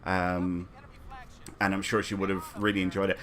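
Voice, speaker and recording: Rambling man, lowish voice. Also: flat delivery, moderate pace, a bit bright, a little hiss or hum. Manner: rambling anecdotes, frequent fillers and chuckles. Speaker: streamer and community host. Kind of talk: casual livestream chat, reading chat comments.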